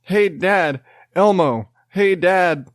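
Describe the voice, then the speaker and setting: Dad doing a defiant, whiny two-year-old who won't nap, voice pushed up high. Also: male voice, extremely slow, dry recording, clean studio sound. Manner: whiny, demanding.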